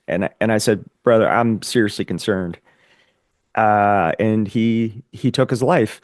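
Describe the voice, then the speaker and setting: A man's voice: fairly low pitch, fairly quick, no room sound, clean studio sound. A man telling his personal story as a podcast guest, earnest and reflective, often repeating words as he gathers his thoughts. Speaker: podcast guest, Air Force veteran.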